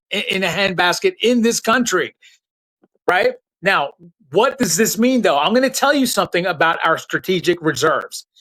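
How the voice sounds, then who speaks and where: A man with a high-pitched, slightly bright voice hosts a live political commentary stream on a rough recording. He talks bluntly and heatedly straight to his chat, using loose slang and restarting sentences.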